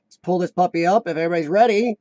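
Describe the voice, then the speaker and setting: A man's voice: high voice, very fast, darkish tone, no echo, dull audio. An American man hosting a casual live stream, chatting loosely with viewers and reading their comments aloud. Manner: chatty, rambling, reads chat aloud.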